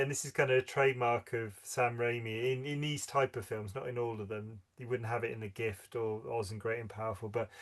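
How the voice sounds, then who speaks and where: A man's voice: medium pitch, fairly bright tone. A man, co-hosting a casual film podcast and laughing as he retells favourite scenes. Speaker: podcast co-host.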